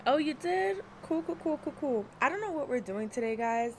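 A woman's voice: high voice, animated, normal speed, darkish tone, a little hiss or hum. A young woman streaming live, chatting casually, laughing and greeting viewers by name. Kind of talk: casual livestream chat.

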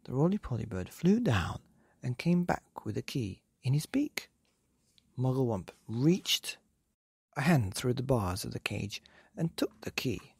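A man hosting a bedtime story podcast, reading a children's book aloud in a gentle, animated way. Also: mid-range voice, unhurried, creaky, slightly rough, dry recording, studio quality.

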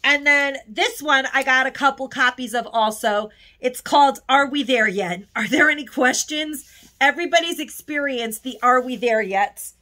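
Woman, high pitch, bright voice, gushing, casual haul chat. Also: moderate pace. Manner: gushing, emotional, chatty. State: tearful at times. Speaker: haul vlogger.

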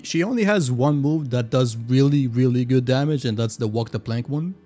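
A man streaming a game live, chatting casually with viewers, excitable and swearing freely. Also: medium pitch, moderate pace, soft background music.

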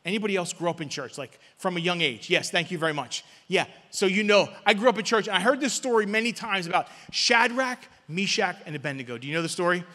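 Male preacher with a high, bright voice, call-and-response sermon, long church reverb. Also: fast, hardly any pauses. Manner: call-and-response preaching, swings from loud to hushed. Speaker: guest pastor. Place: church sanctuary.

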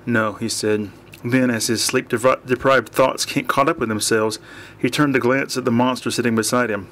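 A man narrating an audiobook in a dry, measured reading voice. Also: medium pitch, fairly even intonation, a bit bright.

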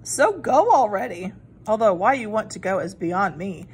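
A woman's voice: mid-range voice, expressive, normal speed, a little hiss or hum, close to an everyday voice. A woman voicing a sassy, wisecracking female fairy goose in a storybook reading, with a brash, offhand, slangy manner.

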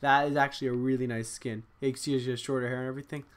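A young man casually commentating as he opens game loot boxes at his computer, excitable, talking to himself, groaning and cheering. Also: mid-range voice, racing. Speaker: gaming channel host. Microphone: desk USB microphone.

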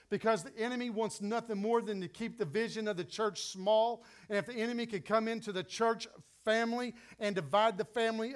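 A middle-aged man preaching a sermon as pastor, emphatic and repeating his key phrases. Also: sits high.

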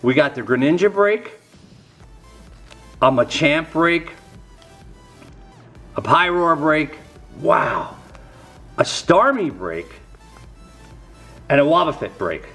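Excitable middle-aged man. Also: on the high side, slow pace, pauses often, breathy edge, soft background music. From New York. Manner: excitable, exclaims over each card. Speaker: YouTube host. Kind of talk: casual unboxing vlog.

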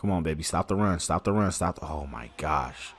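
A man streaming a football video game, giving excitable, slangy live commentary and talking to his viewers. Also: extremely low pitch, fairly quick, breathy edge. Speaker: gaming streamer. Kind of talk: casual live gameplay commentary.

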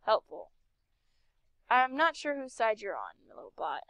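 A woman's voice: a little high, huge pitch swings, measured pace, bright, forceful tone, no echo. Chatty, sarcastic woman playing a game. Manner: chatty, sarcastic, talks to herself. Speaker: game streamer. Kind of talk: casual game commentary.

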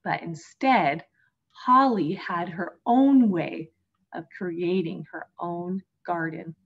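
A woman teacher reading a picture book aloud to young children, gently addressing them as friends. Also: fairly low pitch, slow, husky, dull audio. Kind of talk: storybook read-aloud for children.

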